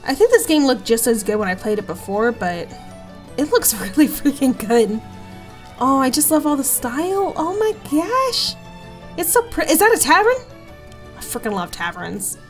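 A woman's voice: high voice, big pitch swings, normal speed, faint music behind. A young woman gaming host chatting her way through a let's play, giggly and easily delighted.

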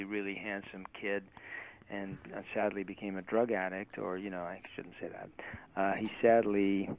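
A man's voice: fairly low pitch, a little hiss or hum. A man, a film director, chatting in an interview and telling stories about the people he has worked with. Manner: chatty storyteller who mimics people he quotes. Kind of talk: casual interview chat. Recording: tinny phone line.

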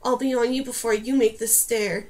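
A cruel Stormwing queen hisses her taunts low and slow, as a woman reads her in an audiobook. The voice drops well below the reader's own and is high-pitched for a woman. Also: fairly even intonation, close to an everyday voice. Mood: taunting. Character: cruel sneering female Stormwing queen, half-bird monster.

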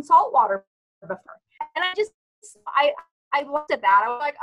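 A woman's voice: high voice, big pitch swings, moderate pace, pauses often, a bit bright, low-quality recording. A woman from Texas, a panelist chatting casually and telling a story with lots of restarts. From Texas, USA. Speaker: panelist, cruise business president.

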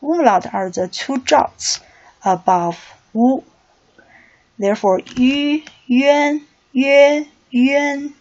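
Slow, high-voiced woman teaching pronunciation. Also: darkish tone. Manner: slow, deliberate explaining with drilled syllable readings. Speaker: Chinese language teacher. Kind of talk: pronunciation lesson. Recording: dull lo-fi recording.

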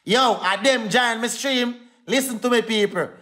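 A man's voice: very high voice, normal speed, pushed and bright. A young Jamaican man in a heated livestream rant, defiant and repetitive, calling out to his viewers.

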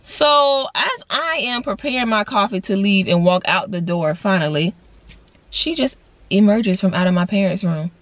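A woman in her twenties telling a personal story on a vlog, casual and slangy, jumping her voice high for quoted lines. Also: normal speed, dry recording. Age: 20s. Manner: animated storytelling with big voice jumps for quoted lines; casual slangy talk, addresses viewers as y'all. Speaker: vlogger.

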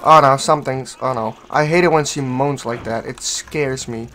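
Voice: medium pitch, moderate pace, a bit bright, slight background noise. A gaming channel host giving let's-play commentary, swearing freely, taunting the enemy and yelping when startled.

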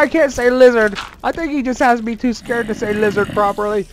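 A man doing let's play commentary as a gaming host, excitable and quick to swear, yelling at sudden scares and bragging playfully. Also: extremely high pitch. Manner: playfully boastful.

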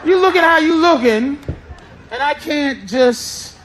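Middle-aged male stand-up, very high pitch, brash and profane crowd-work delivery, live show with laughing crowd and noise. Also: lively intonation, slow. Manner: brash, loud, profane teasing. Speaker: stand-up comedian. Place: comedy stage before a live audience.

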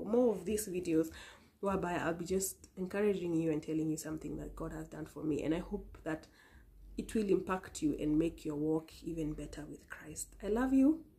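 A woman gives an earnest, emotional religious testimony to her viewers, pleading and sometimes dropping to soft whispered repeats. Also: medium pitch. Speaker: vlogger sharing a testimony. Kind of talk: heartfelt religious testimony and encouragement.

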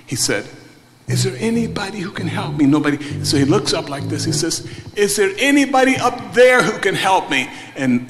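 Male preacher giving a sermon, goes quiet then booming, echoey church hall, music under it. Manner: swings from hushed quiet passages to loud emphatic storytelling. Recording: large hall reverb with music behind. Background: instrumental music.

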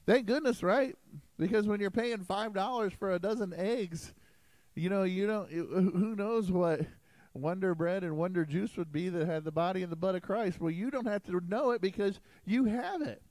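A man preaching a sermon as pastor in a church sanctuary, emphatic and animated. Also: sits high, moderate pace, no echo, poor audio.

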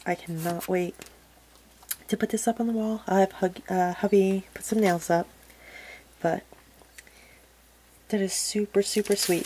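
A woman hosting a crafting channel, chatting casually to viewers in a soft, gushing way that often drops to a murmur. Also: mid-range voice, fairly even intonation, measured pace, pauses often, slight background noise, low-quality recording. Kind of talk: casual unboxing chat to viewers.

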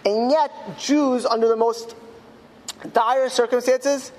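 A man, a rabbi, telling a story in a speech to school students. He slows down emphatically on key words. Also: very high voice, fairly even intonation, a little mellow, long reverb tail. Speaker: rabbi giving a talk at a school. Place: school hall.

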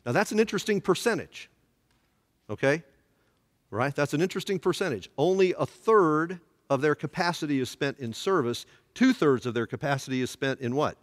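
Animated pastor teaching in a hall. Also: male voice, on the high side, normal speed. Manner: animated, asks the class to fill in answers. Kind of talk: Bible study teaching. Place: church.

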